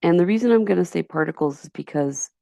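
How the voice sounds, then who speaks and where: A low, gravelly woman's voice with a Yonkers accent talks through a chemistry lecture, close and dry with no room sound. She is chatty and digressive, stopping to restart her sentences as she goes. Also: expressive, quick pace, dark tone, no echo. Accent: Yonkers, New York. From Yonkers, New York. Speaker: high school chemistry teacher. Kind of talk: recorded slideshow lecture.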